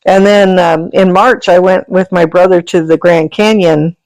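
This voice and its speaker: Speaking at normal speed in a lowish, steady, darkish voice, a woman tells animal stories as a podcast guest, chatty, rambling and quick to laugh. She founded an animal sanctuary and is an energy healer. The sound is dry and of poor quality.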